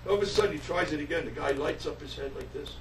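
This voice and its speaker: A man, a musician, telling a casual anecdote in an animated way, stumbling and repeating himself. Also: on the high side, quick pace. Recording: roomy, distant, faint hiss.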